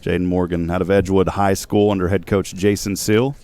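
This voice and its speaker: Low-voiced man calling baseball play-by-play. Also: clean tone. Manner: steady, measured calls of each pitch. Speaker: play-by-play announcer.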